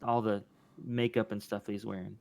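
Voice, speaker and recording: A man running a tabletop game as game master, narrating scenes in a measured way and voicing the people the players meet. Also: on the low side, level tone, vocal fry, darkish tone.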